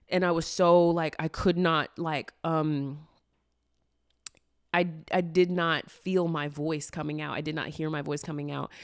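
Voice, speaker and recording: A young woman with a low, dusky voice speaks casually on a podcast. She rambles with constant fillers and speaks frankly, with a swear word here and there. The recording is close and dry, in a small room. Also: smooth, no echo. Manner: rambling and candid, heavy use of "like", with swearing. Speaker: podcast host.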